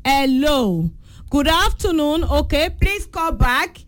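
A woman's voice: high-pitched, lively intonation, slow pace. A young Nigerian woman with a Yoruba-influenced accent hosting a call-in radio show, chatty and bubbly, slipping in and out of Yoruba. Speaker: radio presenter taking callers. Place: radio studio.

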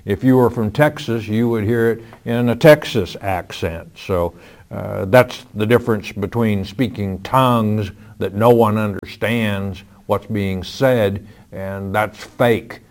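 A man with a lowish voice who takes his time, reading out listener questions and answering them with Bible references. He speaks firmly and matter-of-factly, with plenty of "uh" fillers. It sounds like a radio Bible question-and-answer show. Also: takes it slowly, darkish tone. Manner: firm, matter-of-fact, cites scripture chapter and verse; frequent "uh" fillers.

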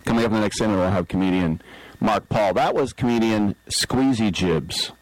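A man's voice: fairly low pitch, moderate pace, no room sound, rough recording. A middle-aged man hosting sports talk radio, telling a rambling story and acting out the people in it. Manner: rambling storyteller, acts out quoted voices. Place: radio studio. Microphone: studio microphone.

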